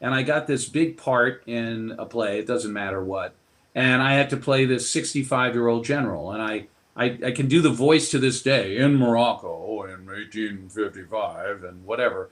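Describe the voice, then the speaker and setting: A male author talking as a guest on an interview show. His voice sits in a middle register, and he spins out anecdotes and advice in a relaxed, expansive manner. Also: mid-range voice, normal speed. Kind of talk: interview storytelling.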